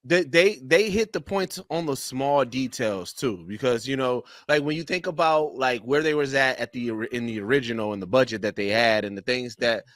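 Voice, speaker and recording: Man, podcast co-host, laid-back rambling, bright tense voice, dry close sound. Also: medium pitch, moderate pace, few pauses, dry recording. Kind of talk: casual chat.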